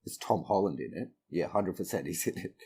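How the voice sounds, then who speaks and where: A man's voice: low voice, expressive, brisk, gravelly, dark tone, slightly rough. A man co-hosting a podcast, laid-back, swearing casually and laughing often. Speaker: podcast co-host. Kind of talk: casual chat.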